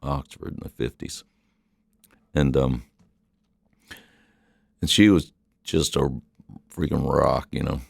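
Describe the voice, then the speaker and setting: A man's voice: extremely low pitch, steady tone, slow, gravelly, pauses often, dry recording, studio quality. A middle-aged man with a mixed, hard-to-place accent, a musician chatting in an interview in a rambling, laid-back way. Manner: rambling, laid-back, lots of "you know". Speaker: musician guest. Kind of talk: casual interview chat.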